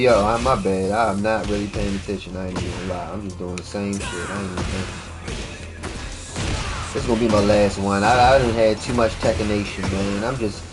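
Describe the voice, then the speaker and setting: A man's voice: lowish voice, steady tone, a little fast. A man chatting casually and profanely while streaming a fighting game, rambling and joking around. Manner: laid-back, rambling, profane, slips into goofy freestyle rhymes. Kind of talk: casual gaming stream chat. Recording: game music playing loudly underneath. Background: game music.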